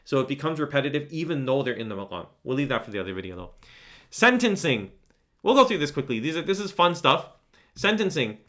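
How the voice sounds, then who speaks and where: Man, recitation teacher, bright tone, mid pitch, casual lesson, keeps asking right?, chants examples. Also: big pitch swings, quick pace. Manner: casual and enthusiastic, frequent "right?"; breaks into melodic chanting to demonstrate. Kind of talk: online lesson, explaining and demonstrating recitation.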